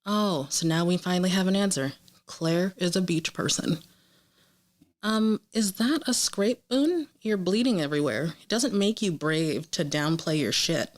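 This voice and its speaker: A woman co-hosting a podcast in casual chat, quick and teasing as she reads out her wry reactions. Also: lowish voice, animated. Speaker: podcast co-host.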